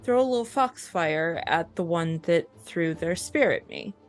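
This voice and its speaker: A woman's voice: lowish voice, animated, a little slow, soft background music. A woman playing a tabletop game, explaining her character's actions step by step. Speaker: player.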